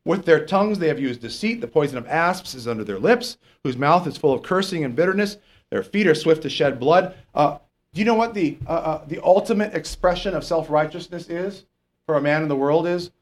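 A male pastor preaches in a church, his voice sitting a little high and swinging widely in pitch. He keeps putting questions to the congregation and checking in with "okay?" as he goes. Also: lively intonation, a little fast. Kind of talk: sermon.

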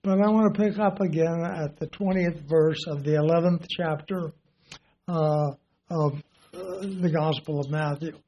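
A man preaching a sermon, teaching slowly and deliberately and asking his listeners rhetorical questions. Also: on the high side, fairly even intonation, muffled recording, slight background noise.

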